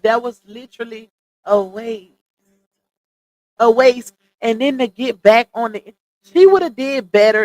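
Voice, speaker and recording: A woman's voice: a little high, no room sound, rough recording. Blunt gossipy woman on a livestream. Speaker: livestream host. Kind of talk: casual commentary chat.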